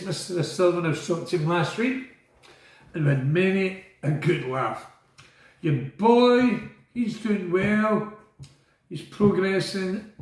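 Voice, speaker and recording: A man's voice: high-pitched, reverberant, low-quality recording. A man telling stories about his time as a prisoner in a rambling monologue. He is blunt, swears, strays off track and asks and answers his own questions.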